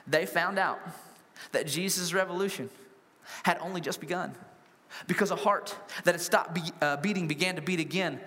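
A man preaching a sermon to a congregation, animated and humorous, full of rhetorical questions. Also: high voice, moderate pace. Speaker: pastor. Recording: long hall reverb.

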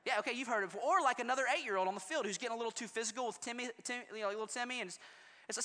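Animated preacher in a ringing hall. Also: mid-range voice, rapid-fire. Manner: animated, storytelling, jumps between soft and loud. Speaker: pastor. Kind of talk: sermon.

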